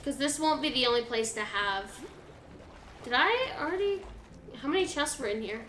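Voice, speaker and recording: A woman's voice: high voice, expressive, normal speed, echoey room, background noise. A woman chatting casually while playing a game, thinking aloud with lots of fillers. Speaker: game co-player. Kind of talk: casual gaming chat.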